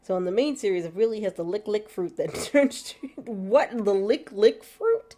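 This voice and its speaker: A woman's voice: mid-range voice, lively intonation, moderate pace, dark tone. A woman streaming gameplay, chatting casually, laughing often and reading chat aloud. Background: faint background music.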